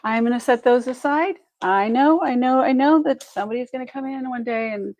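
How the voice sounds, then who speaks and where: A woman's voice: high-pitched, brisk, a little mellow, dry recording, highs cut off. A woman hosting a live online jewelry sale, chatty and effusive, thinking aloud as she measures pieces and thanks buyers. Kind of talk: live shopping stream chat.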